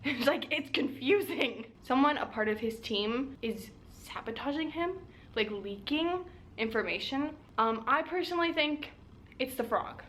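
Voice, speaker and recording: A woman's voice: high-pitched, lively intonation, measured pace, fairly bright tone. A young woman chatting animatedly about a fantasy romance book she is reading, with lots of laughs and fillers in a casual vlog. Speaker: book vlogger. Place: at home.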